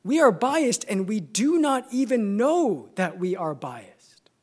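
A man with a Californian accent preaching a sermon, measured and emphatic, building his points through repeated phrases. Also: sits high, sing-song, darkish tone.

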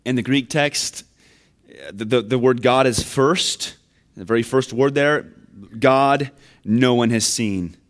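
A man's voice: mid-range voice, slow. A man preaching a sermon, earnest and building to emphatic questions. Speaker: pastor.

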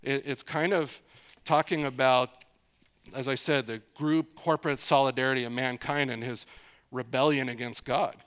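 A man's voice: mid-range voice, fairly even intonation, normal speed, fairly bright tone, smooth. A middle-aged man preaching an expository sermon in a conversational way, repeating phrases for emphasis and asking his listeners questions.

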